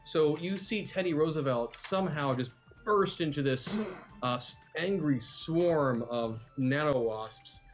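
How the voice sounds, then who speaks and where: A man's voice: on the high side, unhurried, soft background music. A man narrating as game master in an upbeat, rambling way.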